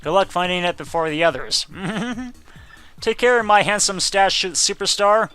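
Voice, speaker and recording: A man's voice: high-pitched, unhurried, sharp tone, clean tone, faint music behind, voice pushed up. A man voicing a teasing, flirtatious female mouse thief in a video game. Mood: flirty.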